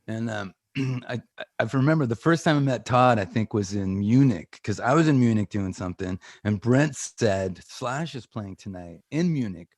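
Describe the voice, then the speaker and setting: A middle-aged Canadian man with a Canadian accent, chatting casually as a guest and telling animated stories that act out the voices of people he quotes. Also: lowish voice, dry recording, studio quality. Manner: animated storyteller who acts out quoted voices. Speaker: guest guitarist. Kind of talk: casual chat.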